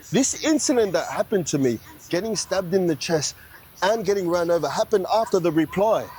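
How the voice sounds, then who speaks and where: A man calmly recounting a personal story in a matter-of-fact way. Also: a little hiss or hum. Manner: low-key, matter-of-fact telling. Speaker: storyteller in an interview clip.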